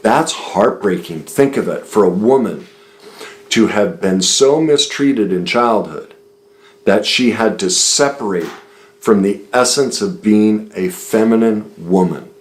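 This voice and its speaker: A man's voice: fairly low pitch, measured pace, rough recording. A man streaming a solo talk, earnest and emphatic as he explains a book and repeats his points in lists.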